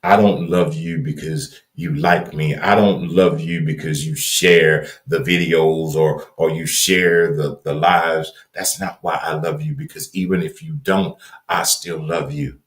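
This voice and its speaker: A deep-voiced man with a Southern drawl talks like a preacher on his livestream. His cadence is folksy and repetitive, and he leans hard on his words. The sound carries a noticeable room echo. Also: steady tone, measured pace. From Louisiana. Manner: emphatic and earnest, builds to raised emphasis. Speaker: livestream host. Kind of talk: preachy motivational talk.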